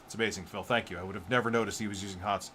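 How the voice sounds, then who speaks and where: A man hosting a casual livestream who reads his chat aloud and answers it with crude, offhand jokes. His voice is bright and forward. A faint hiss sits under the recording. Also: on the low side, fairly even intonation, very fast. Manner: loose, crude, joking banter with chat. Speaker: livestream host.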